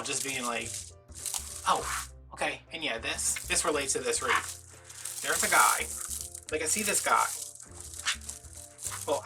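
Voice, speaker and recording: A man's voice: on the high side, far from the mic. A man from Louisiana, chatting through a rambling, sarcastic story in a casual vlog. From Louisiana, USA. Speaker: crafting vlogger.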